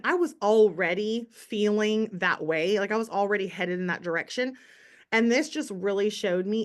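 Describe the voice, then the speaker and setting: A woman's voice: medium pitch, measured pace. Chatty motivational woman telling her story. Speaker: direct sales team leader. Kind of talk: casual chat on a team call.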